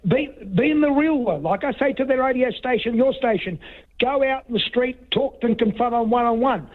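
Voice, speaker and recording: A man's voice: extremely high pitch, fairly quick. A man calling a talkback radio show who rambles and stumbles, often talking over the host. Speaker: radio caller. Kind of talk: heated talkback call. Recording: tinny phone line.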